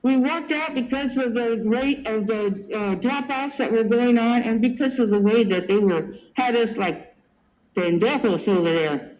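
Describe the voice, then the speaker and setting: A woman's voice: fairly high pitch, measured pace, a little hiss or hum, rough recording. Older woman telling her life story. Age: 70s. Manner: lively storyteller who acts out quoted voices. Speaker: interviewee. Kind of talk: oral history recollection.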